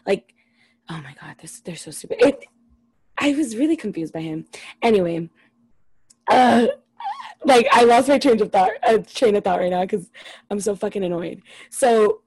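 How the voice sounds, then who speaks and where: A woman's voice: medium pitch, expressive, moderate pace, long pauses, darkish tone, slightly rough, no room sound, poor audio. A young woman co-hosting a podcast, chatting casually and ranting with lots of swearing about a reality show. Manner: profane, exasperated, ranting. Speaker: podcast co-host.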